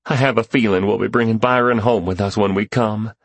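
A man's voice: fairly even intonation, fairly quick, no echo. A man voicing an overjoyed father leaving a phone message, his voice choked and exhilarated. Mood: grateful. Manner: choked, exhilarated voice, high and strained.

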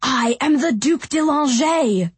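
A woman's voice: mid-range voice, unhurried, darkish tone, breathy edge, dry recording. A woman voicing a proud, hot-tempered young male duke who speaks with defiance and venom in a storybook reading. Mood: furious.

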